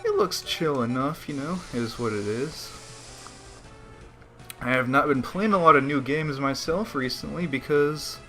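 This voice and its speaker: A man's voice: mid-range voice, sharp tone. Laid-back, slangy let's play guy. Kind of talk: casual gaming commentary.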